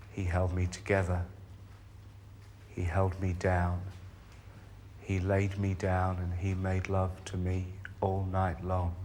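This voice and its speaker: A man from England performing his own spoken word poem in a slow, measured delivery with long pauses. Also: sits low, a little mellow, a little hiss or hum.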